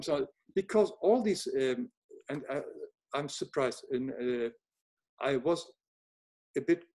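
An older man with a German accent, speaking as an interview guest, gentle and earnest, pausing and restarting often on a video call. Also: medium pitch. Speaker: guest, author and illustrator. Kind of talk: reflective interview conversation.

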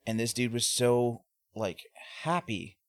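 A man's voice: on the low side, moderate pace, dry recording, clean studio sound. A man co-hosting a casual chat, telling rambling tour anecdotes with frequent laughs. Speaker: podcast co-host, band member.

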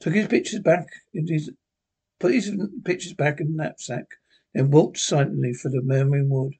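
A man's voice: a little high, fairly even intonation, moderate pace, warm tone, husky. A man reading a classic horror story aloud, with small slips and restarts as he goes. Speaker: narrator.

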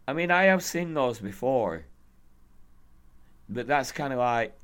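A hoarse man co-hosting a podcast, rambling, swearing and laughing in casual chat. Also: mid-range voice, animated, a little slow, a bit bright. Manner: rambling, profane, laughing often. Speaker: podcast co-host.

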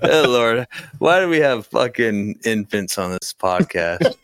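A man in his thirties joking around on a podcast, needling the others and laughing big. His pitch swings widely from line to line. The sound is dry and close, with no room behind him. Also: sing-song, slow, clean tone, no room sound. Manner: teasing, bursts of loud laughter. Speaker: podcast co-host. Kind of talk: casual chat.

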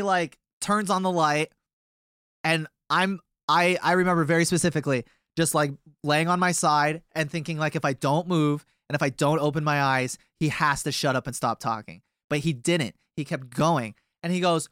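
A man's voice: fairly high pitch, fairly even intonation, normal speed, sharp tone, smooth, no echo, clean studio sound. A young man from a touring band telling a long tour story in a casual, rambling way with many fillers.

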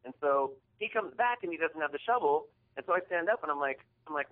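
A man's voice: fairly high pitch, fast talker. A man co-hosting a podcast, telling a heated, profane story in casual chat. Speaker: podcast co-host. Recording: tinny phone-like audio.

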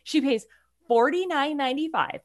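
A woman in casual chat as a podcast co-host, telling a story in a chatty, animated way and often laughing. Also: sits high, moderate pace.

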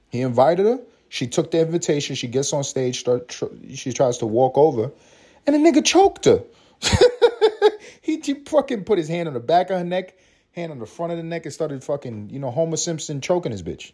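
A man's voice: mid-range voice, expressive, brisk, warm tone. A man hosting a podcast, ranting in a profane, mocking, storytelling way. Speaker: podcast host. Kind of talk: profane comedic rant.

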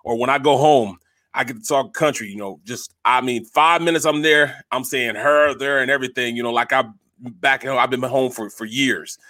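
Laughing, animated sports talk host. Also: male voice, mid-range voice, moderate pace, no echo, studio quality. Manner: animated storyteller, laughs often.

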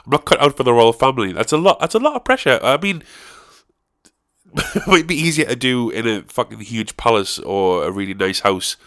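A man's voice: mid-range voice, lively intonation, a little fast, a bit bright. A man hosting a podcast, rambling and swearing as he laughs through casual chat. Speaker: podcast host.

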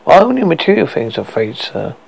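A man's voice: a little high, wildly swooping pitch, a little fast, creaky, a crowd in the background, full character voice, low-quality recording. A man voicing an odd, formal male shopkeeper who speaks in a polite, mock-solemn manner. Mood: prim.

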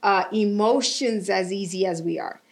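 A young woman hosting a podcast, chatting casually in an animated, rambling way, laughing often and swearing now and then. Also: medium pitch, moderate pace. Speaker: podcast host. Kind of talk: casual chat.

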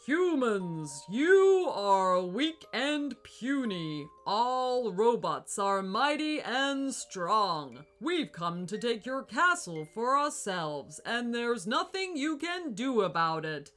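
A woman voicing a booming, gloating evil giant robot in a storybook reading, speaking slowly and loudly. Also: sing-song, full character voice. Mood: menacing. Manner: slow, loud, gloating.

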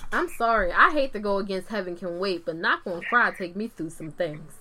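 A woman hosting a casual music chat with friends, animated and emphatic, often laughing. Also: mid-range voice, a little fast, background noise. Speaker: host.

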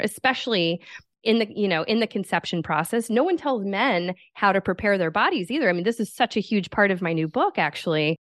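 Here is a woman author giving an interview, assertive and well informed, dropping in a casual curse now and then. Her voice is at a middle pitch and is recorded dry and close, with no room sound. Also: dry recording. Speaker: author and podcast guest. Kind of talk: conversational interview.

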